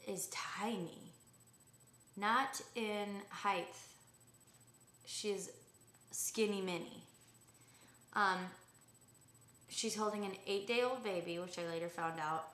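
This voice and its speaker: A woman's voice: mid-range voice, bright, forceful tone. A young adult woman vlogger telling a story in a chatty, rambling way, full of fillers and asides. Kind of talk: casual storytelling rant. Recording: echoey room.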